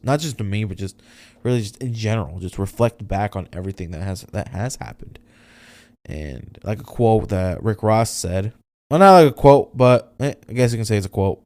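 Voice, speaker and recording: Halting, emotional young man, low voice. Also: a little mellow, dry recording. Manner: candid, halting, swearing often. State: emotional, near tears. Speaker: podcast host. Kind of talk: solo podcast reflection.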